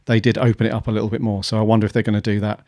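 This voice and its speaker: A man's voice: on the low side, level tone, very fast, warm tone, no room sound, clean studio sound. A man co-hosting a podcast in casual chat, musing aloud with many fillers. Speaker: podcast co-host.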